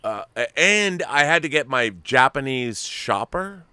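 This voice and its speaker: A middle-aged American man hosting a casual chat, rambling and animated, full of restarts. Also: medium pitch, unhurried, clear, resonant tone, no echo. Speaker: host.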